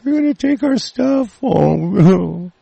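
A man's voice: big pitch swings, slow pace, creaky, warm tone, slightly rough, full character voice. A man putting on the voice of a whiny, complaining man to mock him. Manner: high whining mockery. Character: whiny mocking male complainer.

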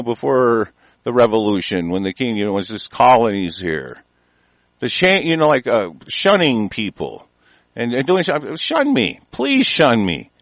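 A man's voice: fairly high pitch, fairly bright tone, no echo, poor audio. A man delivering a heated, rambling political rant, stumbling over words and filling gaps with "uh" and "you know", with occasional profanity.

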